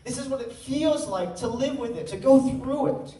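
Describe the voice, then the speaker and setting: A teenage student speaker with an extremely high, warm voice gives an earnest personal talk to an audience at a moderate pace, telling stories with joking asides. The large hall sounds roomy, with the mic at a distance.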